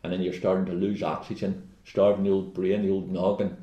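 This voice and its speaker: A man talks quickly in a lowish voice, rambling from one point to the next with jokey asides. He is co-hosting a casual wellness chat. The room echoes around him. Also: level tone, dull audio. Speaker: co-host.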